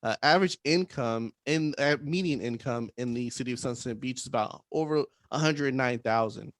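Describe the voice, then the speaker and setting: A man co-hosting a casual real estate podcast in an upbeat, jokey way, often tagging his points with a quick "right?". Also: mid-range voice, no room sound.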